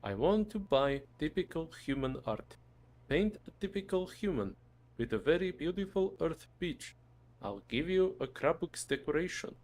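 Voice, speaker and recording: A man's voice: on the high side, sing-song, normal speed, darkish tone, pitched above the performer's own voice. A man voicing a male crab trader from space who speaks in stiff, clipped sentences. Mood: cheerful.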